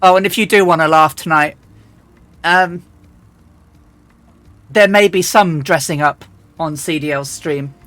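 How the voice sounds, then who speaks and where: A woman's voice: deep voice, measured pace, pauses often, fairly bright tone, no echo. Chatty woman streamer, dry close sound. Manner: chatty and rambling, with restarts and throat-clearing. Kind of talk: casual live-stream chat while flying a flight simulator.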